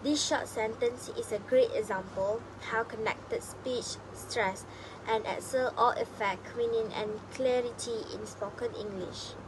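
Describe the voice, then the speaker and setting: A woman's voice: a little high, fairly even intonation, unhurried, few pauses, low-quality recording. Young woman reading a phonetics presentation. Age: young adult. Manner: reads a prepared script with small restarts. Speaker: student presenter.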